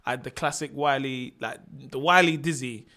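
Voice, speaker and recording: A man chatting casually, telling animated stories full of slang and laughter. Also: medium pitch, normal speed. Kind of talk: casual chat.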